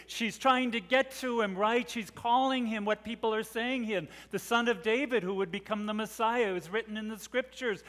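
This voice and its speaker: Middle aged guy preaching, dramatic storyteller, goes quiet then loud, big echoey hall sound. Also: high-pitched, moderate pace, few pauses. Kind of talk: sermon. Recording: long reverb of a large hall.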